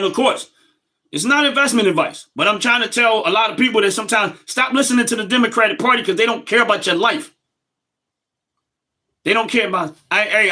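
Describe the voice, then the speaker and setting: A man's voice: high voice, pushed and bright. A middle-aged man, hosting a casual livestream and talking emphatically straight to his viewers. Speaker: livestream host.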